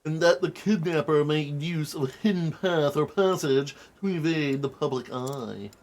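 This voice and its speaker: A man's voice: a little high, normal speed, a little mellow, close to an everyday voice. A man voicing a pompous, wordy male scholar detective, reading game dialogue aloud in a formal, lecturing manner.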